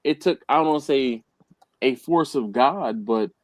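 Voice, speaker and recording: A man's voice: medium pitch, measured pace, no echo. A man hosting a live chat, telling a childhood story in a rambling way with frequent laughs. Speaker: host. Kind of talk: casual live-stream chat.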